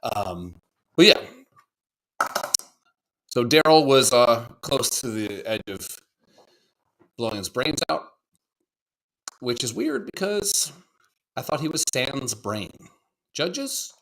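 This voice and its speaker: A man's voice: medium pitch, very animated, slow pace, gravelly, long pauses, a bit bright, a little hiss or hum. A man in his thirties co-hosting a podcast in casual chat, rambling, swearing a lot, and acting out other people's voices. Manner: profane, rambling, acts out quoted voices. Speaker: podcast co-host.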